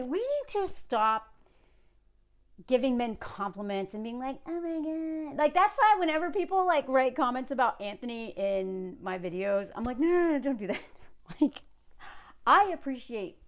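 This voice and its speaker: A woman in her thirties talking in a casual commentary vlog, animated and sarcastic, rambling with lots of fillers and restarts. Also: a little high, measured pace. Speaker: commentary creator.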